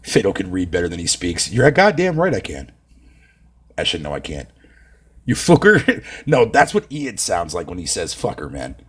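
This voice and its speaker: A man's voice: sits low, sing-song, brisk, breathy edge. A young man from Canada chatting on a live stream, reading his chat aloud with profane, mocking banter.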